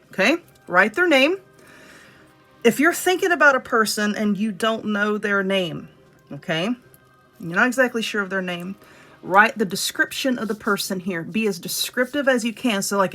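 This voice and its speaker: Blunt Southern woman with a bright voice. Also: medium pitch. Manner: blunt and profane, addressing viewers directly. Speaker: witchcraft video host. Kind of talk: casual spell tutorial. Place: home room.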